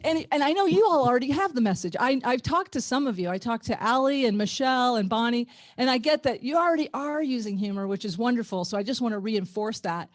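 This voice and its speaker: A middle-aged woman with a slight Ozark twang tells self-mocking stand-up jokes and keeps breaking into laughter. Her voice sits a little high. It sounds dry and close, as if from a small garage studio over a video call. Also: expressive, quick pace, few pauses, no room sound. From Ozarks, USA. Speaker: comedian and former nurse.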